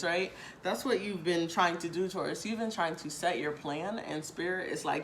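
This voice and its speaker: A woman's voice: lowish voice, expressive, normal speed, slight background noise. A woman giving a casual tarot reading straight to her viewers, chatty and repetitive, with casual swearing. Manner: chatty, repeats phrases, casual swearing, addresses viewers directly. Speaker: tarot reader.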